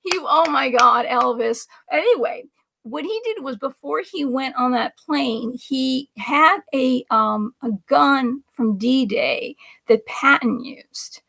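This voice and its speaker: A middle-aged woman hosting a chatty political livestream, reading viewer comments aloud. Her voice sits high, with a gravelly fry through it. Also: slow pace, fairly bright tone. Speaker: livestream host.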